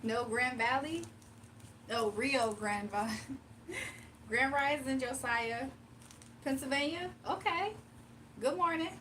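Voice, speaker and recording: A woman's voice: high-pitched, slow pace, long pauses, fairly bright tone, distant mic, a little hiss or hum. A woman from the US East Coast chatting casually on a morning live stream, laughing often and reading viewer comments aloud. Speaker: live-stream tarot reader. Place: home, early morning.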